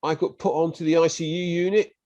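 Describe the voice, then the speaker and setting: Brisk and slightly high-voiced, a British man appearing as a podcast guest vividly recounts his story in easy conversation, voicing other people's lines in animated bursts. His accent is British English, and the recording is muffled, with no room sound.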